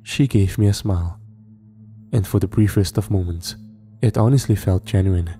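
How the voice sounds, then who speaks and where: A man narrating a horror story in a measured storytelling manner. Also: low-pitched, warm tone, faint music behind.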